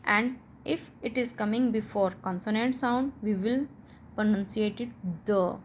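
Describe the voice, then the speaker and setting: A young woman teaches English pronunciation, slowly and deliberately explaining a rule and repeating the example words. Her voice is on the high side, and there's a little hiss or hum in the recording.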